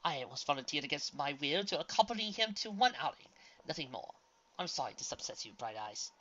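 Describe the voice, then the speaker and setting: A woman voicing a gentle pony princess in disguise who speaks in a formal, old-fashioned way. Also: low voice, big pitch swings, a little fast, dull audio, exaggerated voice. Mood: earnest.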